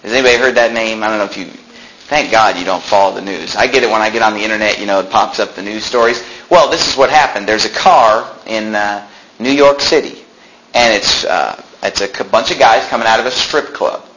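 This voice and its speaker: A man pastor preaching a sermon in a church, talking conversationally and breaking into animated outbursts. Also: on the low side, a little fast, a little hiss or hum, low-quality recording. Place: church sanctuary.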